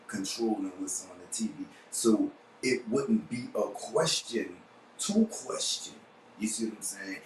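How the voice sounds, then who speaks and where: A young man with a New Orleans drawl talks on and on in a blunt, emphatic monologue. His voice sits low. The sound is roomy and a little distant, with faint ambience behind him. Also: slight background noise. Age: young adult. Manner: rambling and emphatic, keeps asking "you see what I'm saying"; blunt, profane street talk. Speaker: podcast host. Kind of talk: casual monologue.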